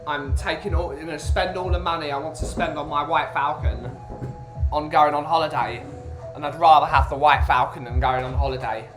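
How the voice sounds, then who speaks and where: A man's voice: fairly high pitch, fairly even intonation, fairly quick. A man from the UK chatting casually as a podcast host, rambling and restarting his sentences. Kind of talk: casual chat. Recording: roomy with music behind.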